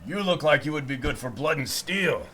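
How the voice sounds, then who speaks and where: A man voicing a gruff male half-orc mercenary recruiter who pitches loudly and pushily at the table. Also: lively intonation, moderate pace. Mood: boisterous.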